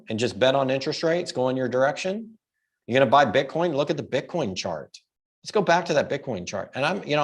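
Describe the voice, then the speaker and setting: A middle-aged man hosting a livestream, giving emphatic, opinionated solo commentary full of rhetorical questions and casual swearing. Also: medium pitch. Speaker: host of a precious metals livestream.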